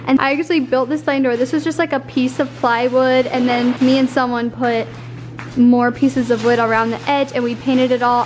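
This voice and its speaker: A woman's voice: high-pitched, steady tone, a little fast, faint music behind. A woman in her twenties giving a casual vlog tour of her apartment, emotional and crying as she talks. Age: 20s. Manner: emotional, tearful and grateful. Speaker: vlogger. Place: apartment, indoors.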